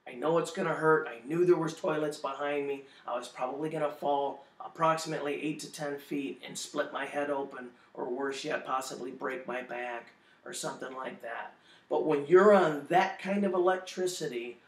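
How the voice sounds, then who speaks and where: Earnest man giving a slow testimony. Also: fairly high pitch, roomy sound, recorded from a distance. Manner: earnest, emotional storytelling. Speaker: testimony speaker. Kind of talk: personal testimony.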